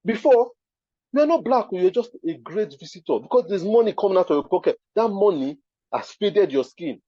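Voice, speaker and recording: A man's voice: high voice, expressive, fairly quick, dark tone, no echo, muffled recording. A man with a Nigerian accent giving an emphatic live talk at a design event, often checking that the audience understands. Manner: emphatic, keeps asking "you understand?".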